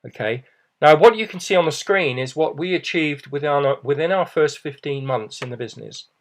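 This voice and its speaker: A man's voice: fairly high pitch, brisk. A middle-aged man giving a persuasive business presentation, reassuring and often adding "okay" and "you know".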